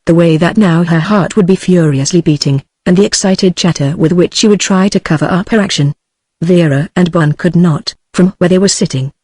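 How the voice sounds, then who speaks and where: A woman's voice: on the low side, no room sound. British-accented synthetic woman narrator. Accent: British English. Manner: steady synthetic read-aloud delivery. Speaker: audiobook narrator. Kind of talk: scripted narration.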